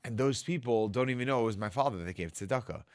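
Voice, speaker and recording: A man's voice: medium pitch, fast, no echo, studio quality. A man, a rabbi telling a story and acting out the voices of the people in it. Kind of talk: storytelling talk. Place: studio.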